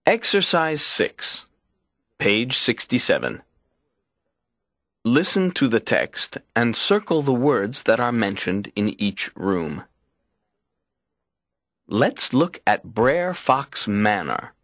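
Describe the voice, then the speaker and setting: A man reading textbook exercise instructions and a short factual passage slowly and deliberately. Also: medium pitch, sing-song, a bit bright, no echo, clean studio sound. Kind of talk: scripted lesson reading.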